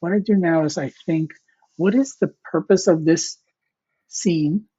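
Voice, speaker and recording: Speaking casually as a guest in an interview, a male comic artist rambles, quoting his mentors amid many fillers and restarts. His voice is a little high, warm and husky, at a measured pace. The recording is dry, dull and slightly lo-fi, with no echo.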